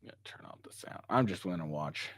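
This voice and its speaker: A man's voice: low-pitched, lively intonation, quick pace, a bit bright. A man hosting a reaction commentary, ranting angrily with heavy profanity. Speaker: commentary host.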